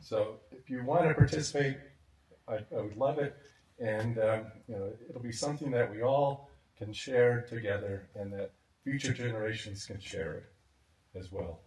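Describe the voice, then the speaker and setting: A man giving a warm, reflective memorial speech, chuckling now and then. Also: lowish voice, normal speed. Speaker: memorial speaker. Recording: echoey sound from a distant mic.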